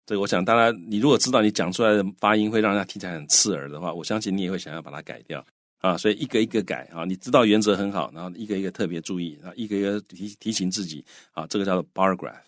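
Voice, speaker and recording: A Mandarin-native man co-teaches an English lesson on the radio, explaining in Mandarin with English mixed in. He speaks in a low-pitched, rapid-fire way, and the studio-quality recording has no echo.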